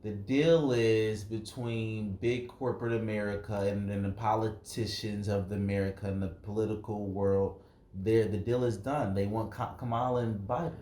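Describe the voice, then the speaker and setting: A young man co-hosting a casual podcast, delivering provocative lines in deadpan. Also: fairly low pitch, normal speed. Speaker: podcast co-host. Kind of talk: casual chat. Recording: echoey room, faint background noise.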